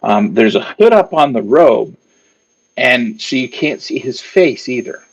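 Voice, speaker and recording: A man's voice: medium pitch, animated, unhurried, muffled recording. A man narrating a tabletop game as game master, meandering with lots of fillers.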